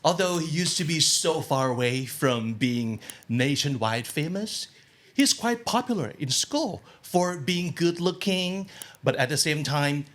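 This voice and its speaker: A man hosting an interview show, chatty and quick to laugh as he introduces and questions his guest. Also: on the high side. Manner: chatty, laughs often, lively delivery. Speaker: host. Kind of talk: casual interview.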